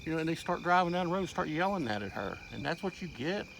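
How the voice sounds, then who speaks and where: A rural Kentucky man with a gravelly voice argues bluntly in his yard at night. He drawls and talks over the officer, heated and fed up. A cell phone picks him up over loud crickets and insects. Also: a little high, big pitch swings, fast talker. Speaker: homeowner and father. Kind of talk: heated confrontation. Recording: noisy outdoor phone recording.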